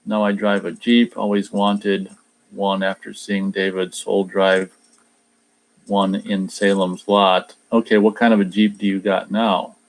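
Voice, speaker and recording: A man's voice: fairly low pitch, flat delivery, unhurried. A man hosting a casual radio show, reading viewer comments aloud and answering in a rambling way, often repeating words as he starts sentences. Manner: tries a mock Australian accent in a few short bits. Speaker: radio show host reading live chat. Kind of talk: casual chat.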